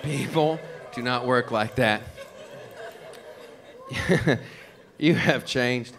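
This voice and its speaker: A man doing an animated stand-up comedy routine on a club stage. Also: mid-range voice, extremely slow. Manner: animated storytelling with mock cat yowls. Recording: live club recording with crowd noise. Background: audience laughter.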